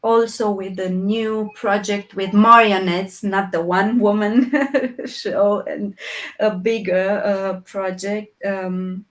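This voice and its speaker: A woman from Romania, a guest in an interview, speaking English slowly and reflectively with many pauses and restarts. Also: mid-range voice, little pitch movement, low-quality recording. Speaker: interview guest, puppeteer and actress. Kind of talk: slow reflective conversation.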